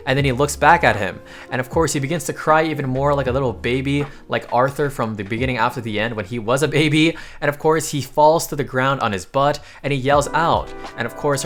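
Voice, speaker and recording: A man's voice: medium pitch, fairly bright tone. A man narrating a casual comic recap, tossing slangy, joking asides to his viewers.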